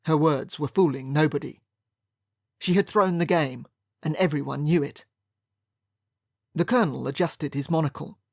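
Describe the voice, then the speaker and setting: An audiobook narrator reading a first-person period mystery in a wry, measured storytelling manner. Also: medium pitch, creaky, darkish tone, no echo, clean studio sound.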